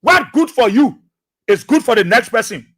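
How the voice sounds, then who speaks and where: Man, Liberian English accent, very high voice, impassioned radio commentary, repeats himself for emphasis. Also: animated, normal speed, fairly bright tone, slightly rough. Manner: fiery, preachy, repeats phrases for emphasis. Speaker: radio talk show host.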